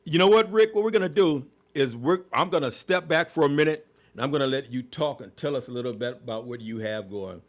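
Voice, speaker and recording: A man's voice: mid-range voice, animated, a little fast, hardly any pauses. A man hosting an interview, chatty and playful, often repeating himself as he asks questions. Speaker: host.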